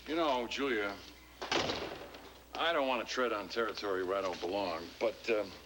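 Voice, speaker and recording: An actor playing a charming, low-voiced suitor. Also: male voice, moderate pace, lightly acted. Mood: flirtatious. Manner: smooth, flirtatious, gentlemanly. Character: charming, flirtatious gentleman suitor. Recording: hissy old TV broadcast recording.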